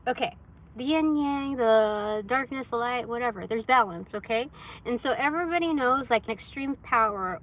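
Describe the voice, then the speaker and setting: A woman's voice: on the high side, narrow, tinny audio. Chatty woman doing a tarot livestream. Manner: chatty, rambling, filler-heavy, laughs often. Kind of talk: casual live tarot reading. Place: hot room indoors. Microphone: phone.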